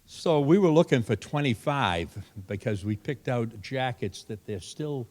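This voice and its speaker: A man's voice: mid-range voice, a little mellow. Older New man telling a folksy story. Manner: folksy anecdotal, acts out others' voices. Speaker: hall of fame inductee. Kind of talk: acceptance speech with storytelling.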